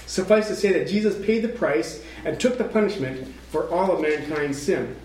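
A male preacher with a high voice delivers a dramatic sermon. He sinks to a hush and then climbs toward a shout. The sound carries the echo of a roomy hall. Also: animated, moderate pace, slight background noise. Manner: dramatic, swings from hushed to shouting.

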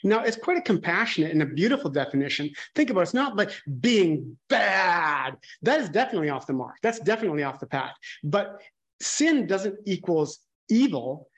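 A man's voice: sits high, sing-song, a little fast, fairly bright tone, lo-fi sound. A man preaching a conversational sermon, candid and musing, thinking aloud and often restarting his sentences.

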